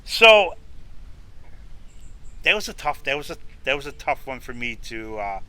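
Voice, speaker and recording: A man's voice: mid-range voice, measured pace, smooth, dry recording. A middle-aged man from New York, a food reviewer telling stories in a casual interview and acting out what people said. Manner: animated storyteller who acts out quoted dialogue.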